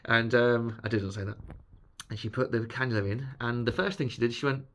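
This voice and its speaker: A man's voice: mid-range voice, fairly quick, fairly bright tone. A man vlogging, telling stories about his hospital visits in a chatty, joking, self-mocking way. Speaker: vlogger sharing his health journey. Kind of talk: casual storytelling to camera.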